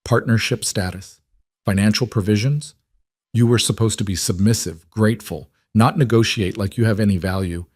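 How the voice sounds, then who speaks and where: A man's voice: on the low side, normal speed, a little mellow, no room sound, close to an everyday voice. An enraged, bullying father snaps with contempt, as a male narrator acts him out. The reading sits close to the mic and dry. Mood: furious. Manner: hissing, contemptuous. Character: furious middle-aged mob father, cruel and bullying. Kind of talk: audiobook storytelling.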